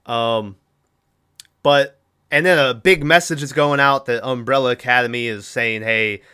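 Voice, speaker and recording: Bright, smooth-voiced man recapping a movie. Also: mid-range voice, normal speed. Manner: rambling, recaps with acted quotes and laughs. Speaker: podcast host.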